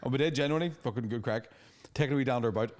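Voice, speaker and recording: A young Northern Irish man, co-hosting a comedy podcast, telling stories in a lively, swearing way. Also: mid-range voice, rapid-fire. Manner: animated storytelling with profanity and put-on quoted voices. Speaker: podcast co-host and stand-up comedian. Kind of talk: casual comedic chat.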